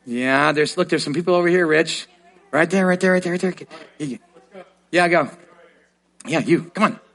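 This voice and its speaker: A man's voice: fairly high pitch, moderate pace, a bit bright. A man preaching a sermon to a congregation, earnest and given to repeating words as he starts a thought. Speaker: pastor.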